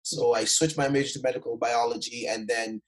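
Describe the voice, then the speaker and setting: A Jamaican motivational speaker, appearing as an interview guest, recounts his life story in a fairly quick, level, mid-range voice on a low-quality recording. He's energetic and animated, imitating the people he quotes, with many fillers and restarts.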